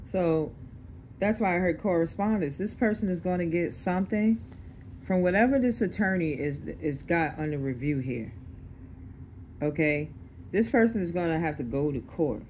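Doing a laid-back reading straight to camera, this tarot reader is streetwise and blunt, cursing freely and checking in often by repeating "okay?". The voice is mid-range and a little mellow with lively intonation at normal speed, over slight background noise.

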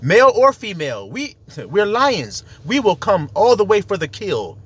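A man's voice: sits high, wildly swooping pitch, moderate pace, slightly rough. A man preaching in a casual, profane monologue, citing scripture in slangy street talk and laughing as he acts out what others say. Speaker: self-styled preacher.

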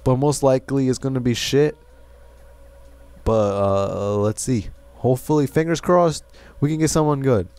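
A man's voice: medium pitch, normal speed, dark tone. A man hosting a gaming channel, giving casual commentary, frustrated and swearing as he grumbles about bad luck.

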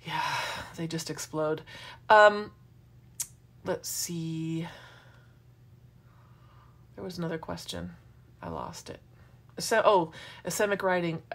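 A woman's voice: fairly low pitch, expressive, slow pace, long pauses. A middle-aged woman hosting a casual craft tutorial, chatting and wandering into asides as she works. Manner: chatty, rambling asides while working. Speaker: craft demo host.

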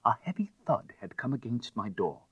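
Husky expressive male audiobook narrator. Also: medium pitch, normal speed, no room sound, lo-fi sound. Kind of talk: scripted narration of a classic tale.

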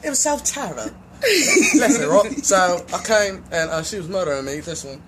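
A man telling a story to friends in an animated, laughing, swearing way, outdoors. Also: high-pitched, moderate pace, a loud crowd. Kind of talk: casual chat.

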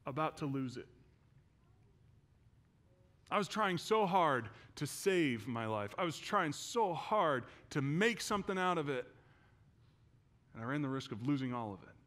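A male pastor preaching in a church, telling a personal story and moving from hushed, quiet passages to loud, intense ones. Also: on the high side. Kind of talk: sermon.

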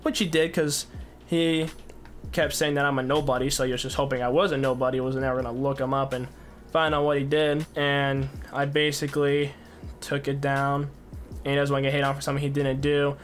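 A young man casually recounting a dispute with another gamer, rambling and complaining with many fillers. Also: mid-range voice. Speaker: gaming YouTuber.

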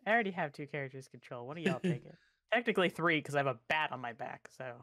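A woman's voice: low voice, lively intonation, rapid-fire, a bit bright. A woman playing in a tabletop game, talking casually and swearing now and then. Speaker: player. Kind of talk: casual chat.

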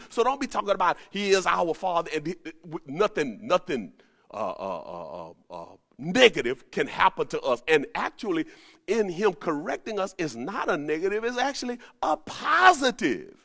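A man preaching a sermon, animated, rising to emphatic peaks and dropping to low asides. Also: moderate pace, creaky. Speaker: pastor. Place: at home during the pandemic.

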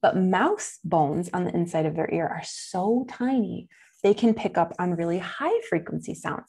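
With a husky, medium-pitched voice and lively intonation, a young adult woman speaks slowly in a Buffalo, New York accent. She's a nature educator giving kids an eager, chatty lesson peppered with fillers and laughter.

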